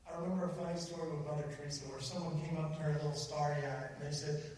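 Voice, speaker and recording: A man's voice: a little high, fairly even intonation, fast, darkish tone, distant mic, slight background noise. Earnest man preaching in an echoey hall. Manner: earnest, storytelling. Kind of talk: sermon with storytelling.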